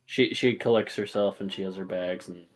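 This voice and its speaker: A man narrating as game master of a tabletop game, quick and stammering, slipping into put-on voices. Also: low voice, fairly even intonation.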